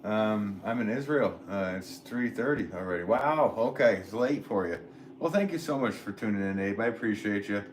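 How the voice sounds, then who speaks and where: An American man in his forties, a potter chatting casually on a livestream and reading viewer comments in a rambling, relaxed way. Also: on the low side, normal speed, slight background noise, low-quality recording. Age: 40s. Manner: rambling, relaxed, filler-heavy talk with laughs. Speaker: potter streaming live.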